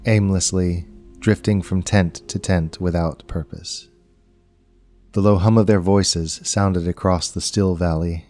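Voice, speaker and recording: A man reading a story aloud as narrator, in a measured, unhurried storytelling manner. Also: deep voice, darkish tone. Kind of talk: scripted audiobook narration.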